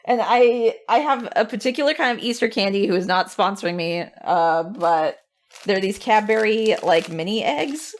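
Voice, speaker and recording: A woman co-hosting a podcast in casual chat, animated and exclamatory, laughing often. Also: medium pitch, moderate pace. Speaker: podcast co-host.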